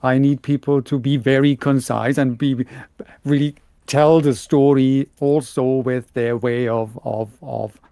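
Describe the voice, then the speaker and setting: German man, halting casual chat. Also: mid-range voice, fairly even intonation, mellow, no room sound, studio quality. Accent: Bavarian German. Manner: halting, many restarts and repeated words. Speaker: podcast co-host and audiobook narrator.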